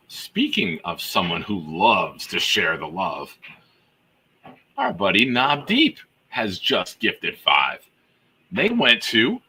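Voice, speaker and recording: Guy hosting a live fan stream, big hype shout-outs, voice all over the place pitch-wise, kinda low. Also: slightly rough. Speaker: host of a live fan show. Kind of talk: live-stream chat, reading out gifted memberships.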